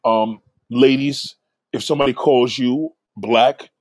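A man's voice: mid-range voice, fairly even intonation, slow, a little mellow, no echo. A man talking straight into the camera, blunt and profane, rambling as he gives advice. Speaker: vlogger giving advice. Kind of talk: casual monologue.

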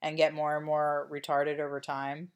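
A woman's voice: low voice, monotone, normal speed, smooth. A woman co-hosting a podcast in casual chat, rambling and wry with lots of fillers. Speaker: podcast co-host.

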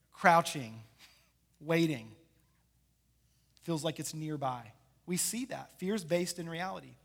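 A man preaching a sermon, retelling a scripture story in an animated way and acting out the characters. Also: high-pitched. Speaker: pastor.

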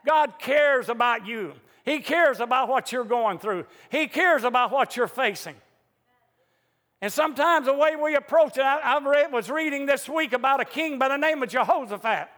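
A man's voice: very high-pitched, moderate pace, fairly bright tone. A man preaching a sermon in a fervent, emphatic way, his voice rising into outbursts, in a church sanctuary. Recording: echoey church hall reverb.

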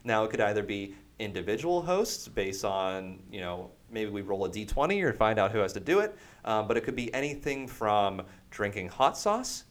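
A man's voice: on the low side, big pitch swings, moderate pace, few pauses. A man hosting a casual gaming podcast, upbeat and chatty, rambling along with plenty of "uh"s as he plugs a charity stream. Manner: upbeat, promotional, rambling with many fillers. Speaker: podcast host.

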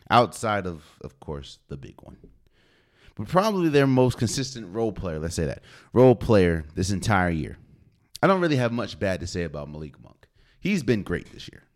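A man hosting a solo sports podcast, talking casually and opinionated, with slang and rhetorical questions. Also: mid-range voice. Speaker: podcast host.

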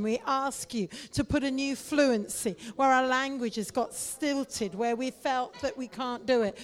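A woman leading a congregation in prayer, fervent and exhorting, at times speaking in tongues. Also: a little high. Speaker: prayer leader.

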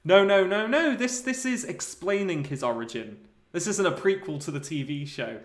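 Animated man pitching a comic story. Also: normal speed. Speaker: podcast co-host. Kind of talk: casual comedic chat.

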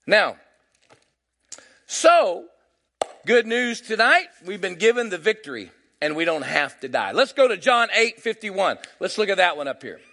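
Gravelly high-voiced preacher guy, really lively, pulls the crowd into answering back. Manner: call-and-response, drawn-out emphatic scripture reading. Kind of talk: sermon.

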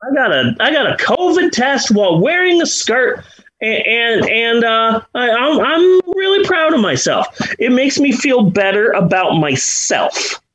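This podcast host is a middle-aged man who speaks a little slowly in an extremely high, very animated voice with a fairly bright tone. His casual chat wanders, full of self-deprecation and false starts, and the audio is poor.

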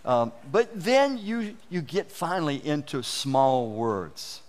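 A man's voice: fairly high pitch, slow pace. A man giving a conversational, folksy sermon, acting out inner voices and often restarting his words. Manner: animated, acts out inner voices. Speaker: preacher.

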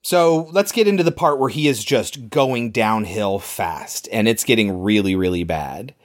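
A man's voice: on the low side, animated, unhurried. A man co-hosting a casual podcast, animatedly retelling a film's scenes and laughing often. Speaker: podcast co-host. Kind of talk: casual movie recap chat.

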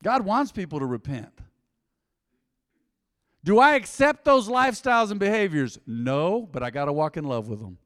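A man preaching a sermon as pastor, conversational and lively, with sudden loud bursts and quiet drops. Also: sits high, moderate pace, in a large hall.

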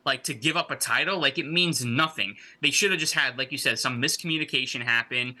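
A man's voice: medium pitch, fairly quick, bright, forceful tone. A man co-hosting a casual wrestling podcast, rambling with lots of fillers and swearing as he talks. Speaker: podcast co-host.

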